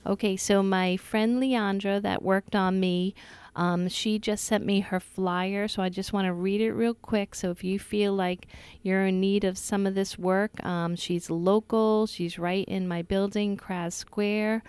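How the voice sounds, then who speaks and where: A woman's voice: mid-range voice, fairly even intonation, a little slow, darkish tone, smooth, no room sound. A woman with a New York accent hosting a radio talk show in a casual, upbeat, chatty way. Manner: chatty, upbeat, laughs easily.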